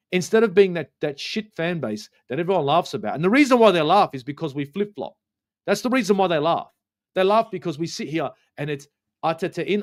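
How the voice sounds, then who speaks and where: A man with an Australian accent, co-hosting a football fan stream and ranting bluntly with plenty of swearing. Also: high-pitched. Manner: blunt, profane, worked-up. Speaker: co-host. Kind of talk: heated fan rant.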